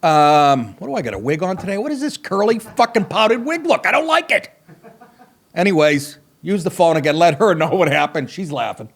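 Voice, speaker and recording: Middle-aged man, podcast host, profane rambling comic monologue, lively swooping pitch, fairly high voice. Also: a little fast, husky. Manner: rambling, swearing, self-mocking storytelling; wry asides, breaks into laughter.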